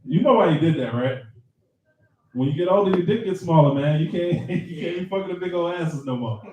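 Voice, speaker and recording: A man's voice: a little high, lively intonation, a little fast, dark tone, a little hiss or hum. A man doing a loose, profane live stand-up set and laughing at his own jokes. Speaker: stand-up comedian. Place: comedy club stage. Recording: roomy club sound from far off.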